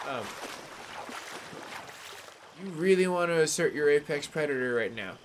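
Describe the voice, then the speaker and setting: A man's voice: on the high side, lively intonation, a little slow, slight background noise. Chatty man streaming a game. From San Francisco Bay Area, California. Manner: rambling, chatty, greets chat viewers by name, frequent "like" and "um". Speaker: gaming livestreamer. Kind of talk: casual live gameplay commentary.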